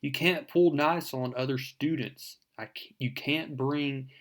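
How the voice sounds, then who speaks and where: A man's voice: medium pitch, a little slow, lightly acted. A man doing an exasperated police captain dad. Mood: scolding. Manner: scolding, exasperated.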